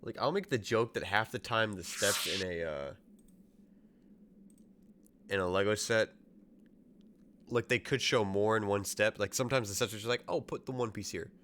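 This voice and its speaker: A man streaming a video game, chatting casually, excitable and swearing a lot as he jokes along. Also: fairly low pitch, normal speed, long pauses. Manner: excitable, profane, joking. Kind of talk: casual gameplay chat.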